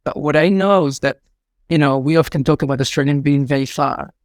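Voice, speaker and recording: A man's voice: fairly high pitch, brisk, no room sound. Spanish accented guy gushing in a podcast interview, lots of you-knows, dry close mic. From Spain. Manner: effusive, rambling with many "you know" fillers. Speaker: artistic director and choreographer.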